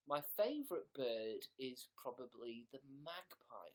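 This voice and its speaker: A young man chatting casually on a live stream, deadpan and self-mocking, often trailing off into mumbles. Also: mid-range voice, slow pace.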